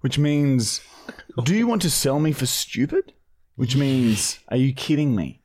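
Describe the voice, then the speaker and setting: A man's voice: mid-range voice, very animated, a little slow, a little mellow. A man co-hosting a podcast, swearing constantly, blunt and rowdy in casual chat. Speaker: podcast co-host.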